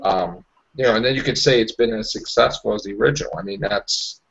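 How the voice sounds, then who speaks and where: A man hosting a casual online podcast chat, relaxed and hesitant, with many fillers. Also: lowish voice, a little fast, vocal fry. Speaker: podcast host. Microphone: online call mic. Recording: dull lo-fi online call audio.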